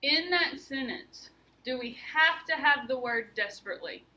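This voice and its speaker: High, bright woman teacher in a roomy classroom. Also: animated, moderate pace. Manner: questioning, guiding students step by step. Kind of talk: classroom lesson. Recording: roomy, mic at a distance, faint room noise.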